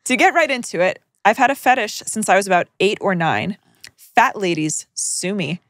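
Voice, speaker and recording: A woman's voice: medium pitch, lively intonation, moderate pace, fairly bright tone, no room sound, clean studio sound. Wry young woman reading stories aloud. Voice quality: wry, sardonic asides while reading. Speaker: podcast co-host reading listener stories. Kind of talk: casual chat, reading aloud.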